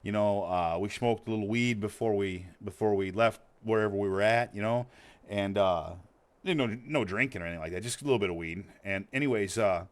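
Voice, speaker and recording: A man's voice: fairly low pitch, a little fast. Rambling, profane man with a Montana accent. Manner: rambling, profane, laughs often. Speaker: streamer. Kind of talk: casual storytelling while gaming.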